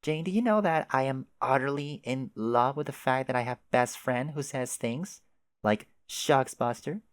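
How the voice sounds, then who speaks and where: A man's voice: medium pitch, moderate pace, clear, resonant tone, no room sound, voice pushed up, natural voice. A man doing a tipsy, teasing young woman.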